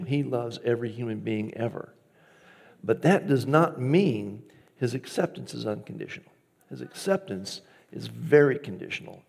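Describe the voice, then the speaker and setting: A man's voice: mid-range voice, gravelly, darkish tone, husky. A man preaching a conversational, storytelling sermon as pastor, acting out his own inner dialogue.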